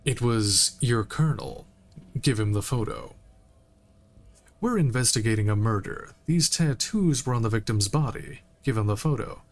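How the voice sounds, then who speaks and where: A man streaming a game, reading its text aloud in a relaxed way and making occasional asides. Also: mid-range voice, moderate pace, gravelly. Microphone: streaming mic.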